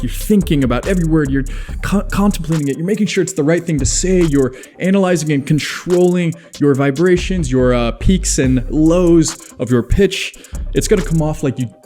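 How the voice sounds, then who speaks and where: A man's voice: a little high, moderate pace, dark tone, faint music behind. A man hosting a self-improvement video, chatting casually and laughing at his own jokes. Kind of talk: casual advice monologue.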